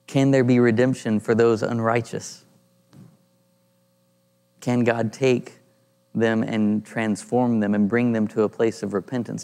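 A man leading an informal Bible study, thinking aloud and pausing to search for passages as he reads and explains scripture. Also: on the low side, vocal fry, a little mellow. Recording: long reverb in a room.

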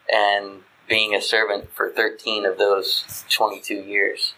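A man's voice: lowish voice, bright, forceful tone, rough recording. A man reading scripture and then teaching on it in a conversational way, often checking in with his listeners. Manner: conversational, asks "right?" to listeners, restarts mid-thought. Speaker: Bible teacher.

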